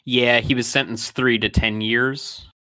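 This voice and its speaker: A man co-hosting a podcast, chatting casually with dry, quick-witted remarks. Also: medium pitch, level tone, pushed and bright, no echo. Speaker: podcast co-host. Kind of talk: casual chat.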